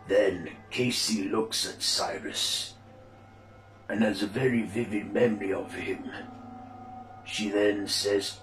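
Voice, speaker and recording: Slow, low-voiced male storyteller. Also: fairly even intonation, a bit bright, roomy sound, faint music behind. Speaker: narrator. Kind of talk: amateur story narration.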